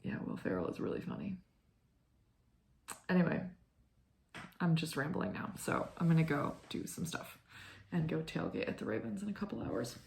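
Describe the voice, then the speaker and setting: A woman's voice: low voice, big pitch swings, moderate pace, creaky, pauses often, darkish tone, a little hiss or hum. A woman in her twenties hosting a knitting vlog, chatting casually and rambling with lots of fillers and "like". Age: 20s. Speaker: knitting podcast host. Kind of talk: casual chat.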